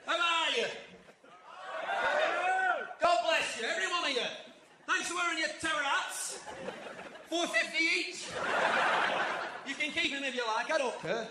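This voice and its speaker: A man doing stand-up comedy, boisterous and shouting punchlines to a live crowd. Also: extremely high pitch, a little slow, long pauses, heavy background noise. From England. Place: large indoor venue before a live audience. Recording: echoey venue with loud crowd laughter.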